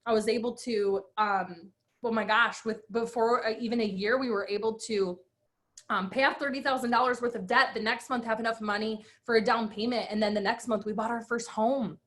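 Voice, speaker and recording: A woman's voice: a little high, a little fast. A woman in her thirties, a guest speaker, telling her personal story with emphatic energy and acted-out quotes. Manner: animated, emphatic, acts out quotes.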